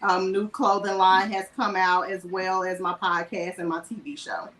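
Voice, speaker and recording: A woman's voice: mid-range voice, little pitch movement, moderate pace, fairly bright tone, echoey room, poor audio. A woman with a New Orleans accent, an upbeat guest talking on a video call.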